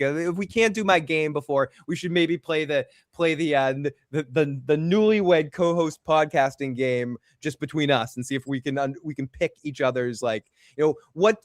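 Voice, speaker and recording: A man's voice: fairly high pitch, no echo, clean studio sound. A man hosting a call-in livestream after-show, chatting casually and mocking himself. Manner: chatty, self-mocking, frequent restarts. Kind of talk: casual chat with live chat readouts.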